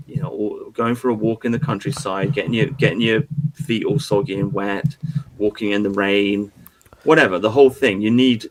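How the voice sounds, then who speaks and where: A young man co-hosting a stream, chatting casually, rambling, repeating himself and swearing a lot. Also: fairly low pitch. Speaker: stream co-host. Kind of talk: casual chat.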